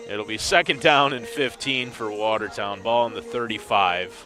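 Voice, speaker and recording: A man's voice: fairly low pitch, moderate pace, bright, forceful tone, faint music behind. A man calling a semi-pro football game play by play, with dry, wry asides about confused officiating. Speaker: play-by-play commentator. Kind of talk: sports commentary.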